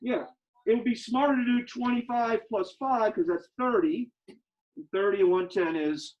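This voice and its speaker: Speaking at a moderate pace in a high voice, a male math teacher lectures emphatically and keeps repeating his questions to the students. He is a little breathless behind a face mask. The recording has a dull, lo-fi classroom quality.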